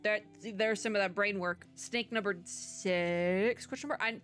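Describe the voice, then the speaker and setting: A woman's voice: medium pitch, fairly even intonation, measured pace, fairly bright tone. A young woman from the US Midwest giving casual, rambling gameplay commentary, filling her sentences with "like.". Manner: chatty, rambling, heavy use of "like". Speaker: VTuber let's player. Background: faint game music.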